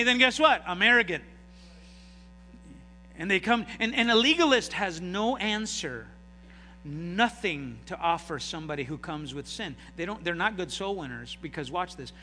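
High, bright-voiced preacher in an echoey hall. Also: male voice, lively intonation, normal speed, a little hiss or hum. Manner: call-and-response preaching, dramatic swings in loudness. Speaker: pastor. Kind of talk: sermon.

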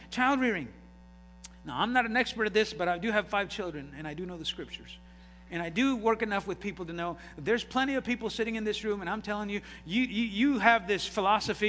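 A middle-aged male pastor preaching a sermon, passionate and building to loud, emphatic peaks. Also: sits high, in a large hall, a little hiss or hum. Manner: impassioned, rising to shouts. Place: church sanctuary.

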